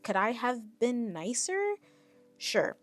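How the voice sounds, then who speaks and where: A woman's voice: a little high, big pitch swings, takes it slowly, faint music behind. A woman vlogger chatting casually and reading an online story aloud, with playful asides.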